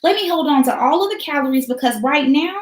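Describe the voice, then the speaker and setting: A woman voicing a person's own body as an alarmed, protective figure that protests in a high, frantic voice. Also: animated, fast. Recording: roomy echo.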